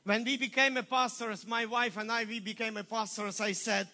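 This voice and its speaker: A male pastor with a Ukrainian accent tells a story during a sermon. His voice is very high and strikingly bright. He preaches in an animated, emphatic way. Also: moderate pace, few pauses.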